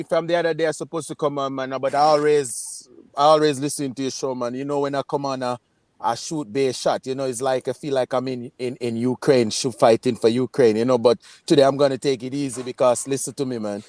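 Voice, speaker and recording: A man's voice: medium pitch, steady tone, brisk, a little mellow, no room sound. A man with a Jamaican accent, calling in to a football fan show on a video call, ranting with fiery emphasis. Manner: fiery, emphatic, repeats "man" and "you understand". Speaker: fan caller.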